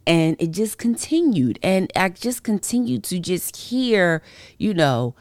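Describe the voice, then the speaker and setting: A woman hosting a podcast and sharing a personal faith testimony in casual, colloquial speech, animated as she acts out her own reactions. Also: mid-range voice, measured pace, dry recording. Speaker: podcast host.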